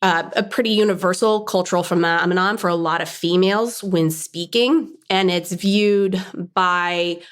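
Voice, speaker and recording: A woman's voice: lowish voice, fairly even intonation. Articulate woman lawyer in her forties. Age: 40s. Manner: articulate, measured, explanatory. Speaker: lawyer, guest. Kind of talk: casual interview. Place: hair salon.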